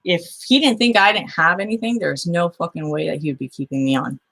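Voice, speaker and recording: A woman hosting her own show reads old messages aloud to recount a dispute, sounding blunt and aggrieved and swearing freely. Her voice is fairly low-pitched, gravelly and fairly bright, and she talks briskly.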